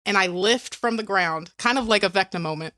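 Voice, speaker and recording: A woman's voice: mid-range voice, a little fast, pushed and bright. A woman co-hosting a podcast, telling a story casually and peppering it with "like" and "right?". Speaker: podcast co-host.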